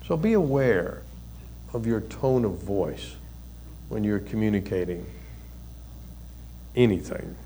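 A man's voice: medium pitch, slight background noise. Older man preaching in a folksy way. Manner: folksy storytelling with soft chuckles. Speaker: pastor and counselor. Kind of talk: conversational sermon.

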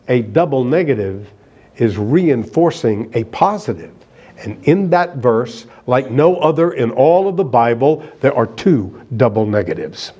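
Slow, emphatic male preacher. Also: mid-range voice, warm tone, husky, highs cut off. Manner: emphatic, rhetorical questions to the congregation. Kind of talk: sermon.

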